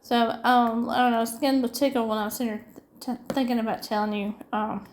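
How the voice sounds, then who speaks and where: A woman's voice: a little high, fairly even intonation, fairly quick, a little hiss or hum. A middle-aged woman with a Southern US accent from upstate South Carolina, chatting in a rambling, folksy way while she crafts. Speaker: diamond painting vlogger.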